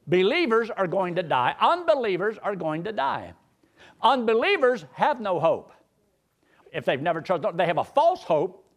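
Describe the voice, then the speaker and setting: A male pastor, preaching a sermon in a folksy, joking storyteller's way. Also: high-pitched.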